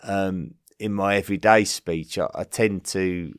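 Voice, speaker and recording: A man's voice: sits low, fairly even intonation, unhurried, clear, resonant tone, no echo, clean studio sound. A man with an Essex accent hosting a podcast, chatting through listener mail with many ums and restarts. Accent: Essex English. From Essex, southeast England. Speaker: podcast host. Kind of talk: casual listener-mail chat.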